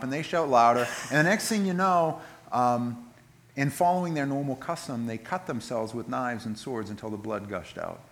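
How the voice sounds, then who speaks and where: A man preaching a sermon in a conversational way, retelling scripture with lively asides and frequent restarts. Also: mid-range voice, normal speed. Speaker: pastor.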